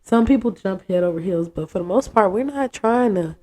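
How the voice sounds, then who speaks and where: A woman, telling a story in a casual interview, frank and animated, acting out what others said. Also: mid-range voice, fairly quick. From United States. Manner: animated, acts out quotes, frank and profane.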